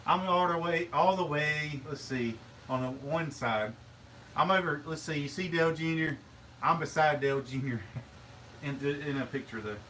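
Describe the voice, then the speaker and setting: A man's voice: a little high, normal speed, bright, forceful tone, a little hiss or hum, poor audio. A man hosting a casual live chat, laid-back and chuckling, with a slight cold. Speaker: host.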